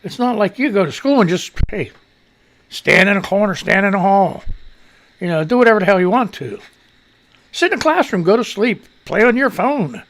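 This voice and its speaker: A man's voice: high voice, expressive, normal speed, fairly bright tone. A man hosting a casual live news commentary show, ranting loosely and profanely as he reads and reacts to stories. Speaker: talk show host.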